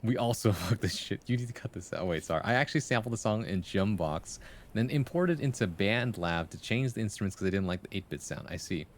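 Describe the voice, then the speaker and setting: A man's voice: fairly low pitch, animated, fast. A man streaming live, chatting casually with viewers, swearing and joking and laughing often. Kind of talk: casual live-stream chat and improvised storytelling.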